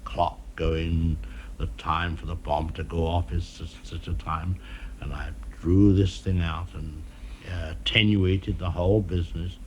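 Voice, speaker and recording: A man being interviewed in an archival television conversation, speaking in a measured, dryly witty way, pausing often with "uh". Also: deep voice, level tone, slight background noise. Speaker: film director being interviewed.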